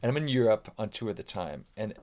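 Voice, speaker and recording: Fast-talking, with a lowish voice, a guest musician spins casual anecdotes on a podcast. He gets animated, voices what others said, peppers his speech with "like," and curses every so often.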